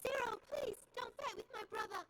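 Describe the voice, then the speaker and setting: A woman's voice: very high-pitched, fairly quick, fairly bright tone. An actress playing a young woman in a game who begs to protect her brother, with an odd, halfway British-sounding delivery. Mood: pleading. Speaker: game character. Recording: noisy game audio from a stream.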